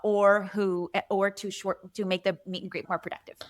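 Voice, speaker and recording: Chatty middle-aged woman doctor guesting on a podcast, steady mid pitch, lots of "you know". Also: normal speed. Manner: chatty, peppers speech with "you know" and "right?". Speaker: guest physician. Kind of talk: casual interview chat.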